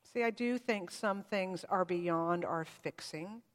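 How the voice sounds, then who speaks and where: A woman pastor preaching a sermon in a church, heartfelt and reflective, leaning into some phrases and letting others fall quiet. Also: fairly low pitch, slow, long reverb tail.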